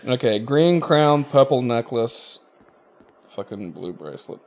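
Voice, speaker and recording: A man's voice: medium pitch, lively intonation, unhurried. Male let's-play host, rambling sweary chat, mid-range voice. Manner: swears freely, rambling, mutters while playing. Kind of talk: casual chat over gameplay.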